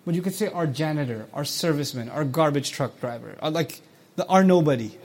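A man lecturing on scripture, explaining words and quoting short Arabic passages, who asks his listeners questions and acts out quoted speech. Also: on the high side. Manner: recites Arabic quickly between English explanations. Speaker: Quran teacher.

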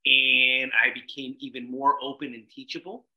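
A man guesting on a podcast, telling a story in an animated way, acting out quotes and swearing casually. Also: medium pitch, moderate pace, echoey room, low-quality recording.

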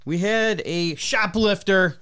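A man's voice: sits high, slow, bright, forceful tone, clear, resonant tone. A man co-hosting a podcast, telling a crude story in casual chat, rambling and swearing and often breaking into laughter. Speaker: podcast co-host.

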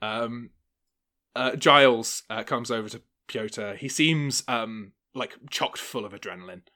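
Slow, hesitant male game master. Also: mid-range voice, pushed and bright. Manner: halting, many fillers. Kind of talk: narrating a tabletop game.

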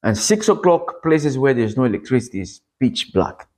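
A man's voice: sing-song, moderate pace, a little mellow. A man from Congo, preaching and telling his testimony in an earnest storytelling manner. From Democratic Republic of Congo. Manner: earnest storytelling, rising pitch at dramatic moments. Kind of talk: sermon testimony.

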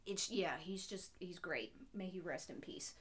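A woman's voice: lowish voice, a little slow, breathy edge. A woman co-hosting a podcast, talking about an old film in a casual, enthusiastic way, full of "like" and restarts. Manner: enthusiastic, filler-heavy with many restarts. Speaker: podcast co-host.

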